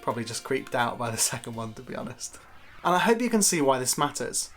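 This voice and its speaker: A man's voice: medium pitch, sing-song, fast, a bit bright, soft background music. A man giving a conversational, lightly playful Bible teaching talk to camera for a church video series.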